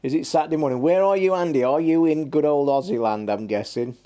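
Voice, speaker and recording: A man's voice: on the high side, fast talker, dark tone. A man hosting a gaming live stream, chatting in a rambling, blunt and sweary way. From England. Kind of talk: casual live-stream chat.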